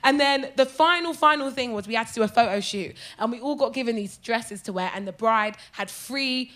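A woman comedian telling a story as a podcast guest, lively and theatrical, laughing often and swearing freely. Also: fairly high pitch, fairly quick.

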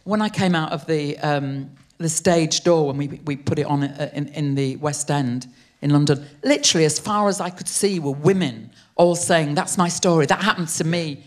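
An older woman, a writer telling an animated story on stage, acting out the voices of the people in it. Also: low voice, moderate pace. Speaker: guest writer. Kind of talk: live on-stage interview storytelling. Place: theatre stage before a live audience.

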